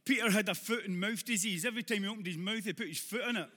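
Man, Glaswegian accent, preacher, sermon, high voice, long hall reverb. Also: quick pace. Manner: preaching, rising to shouts; humorous asides to the congregation. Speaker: pastor.

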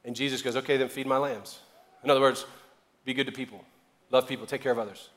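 A male pastor preaching a sermon, animated, joking and acting out dialogue, building to loud emphatic passages. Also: mid-range voice, quick pace, big-room sound.

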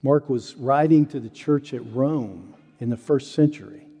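A man preaching a sermon, telling a story with earnestness, rising high and loud on quoted denials and dropping low and soft on solemn points. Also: measured pace, breathy edge, long reverb tail. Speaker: pastor.

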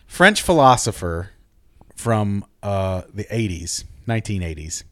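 A man hosting a casual podcast chat, talking in an animated, jokey way and swearing freely. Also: fairly low pitch, measured pace, dry recording, clean studio sound. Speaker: podcast host.

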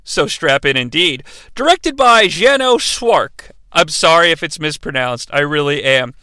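A man in his forties hosting a comedic bad-movie review show, sarcastic, profane and excitable. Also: a little high, unhurried, smooth, no room sound.

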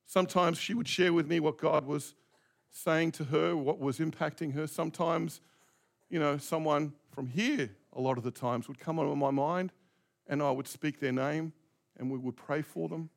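A man's voice: on the high side, fairly even intonation, normal speed, creaky. A middle-aged male pastor preaching a reflective, conversational sermon, asking his congregation direct questions.

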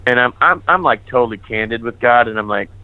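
A male priest telling his personal testimony, candid and animated, acting out the dialogue he remembers. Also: medium pitch, a little fast, no room sound. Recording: tinny phone-like sound.

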